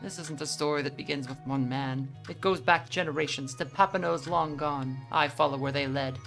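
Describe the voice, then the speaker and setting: A woman's voice: deep voice, fairly even intonation, normal speed, creaky, a bit bright, faint music behind. A woman doing a pompous burly janitor. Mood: grandiose. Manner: pompous, declaiming speeches. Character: burly grandiose male janitor, solemn about cleaning. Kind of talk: reading game dialogue aloud.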